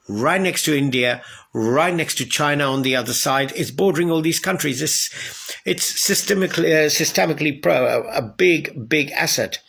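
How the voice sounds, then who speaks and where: A man's voice: fairly high pitch, vocal fry, a bit bright, breathy edge. A man delivering a heated political rant, sarcastic and full of rhetorical questions.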